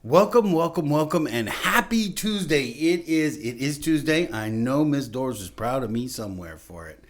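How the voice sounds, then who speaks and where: A man's voice: medium pitch, lively intonation, moderate pace. A middle-aged man hosting a local TV talk show, chatty and upbeat, laughing often. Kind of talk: casual chat on local TV.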